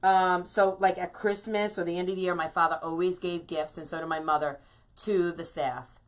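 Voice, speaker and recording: A woman's voice: on the low side, steady tone, normal speed. A woman from New York hosting a live craft stream, chatting bubbly and casual and greeting viewers by name.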